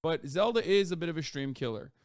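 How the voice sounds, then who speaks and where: A male streamer talks in loose, profanity-laced chat that climbs sharply in pitch whenever he gets heated. His voice is smooth and resonant, and the recording is close and dry with no room sound. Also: lively intonation, fairly quick, no room sound. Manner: profane, rambling, with sudden loud jumps in pitch. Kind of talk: casual live-stream chat.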